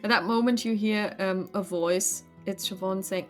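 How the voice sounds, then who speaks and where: A woman game master narrating a tabletop role-play in a relaxed, hesitant storytelling manner. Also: medium pitch, moderate pace, faint music behind.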